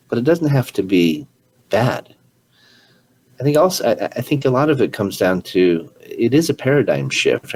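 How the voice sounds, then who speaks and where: Here a man with a low, somewhat dark voice hosts an interview, sincerely recounting a story and his own experience, often starting his words over. It's conversational storytelling from a podcast host, captured on poor audio with slight background noise.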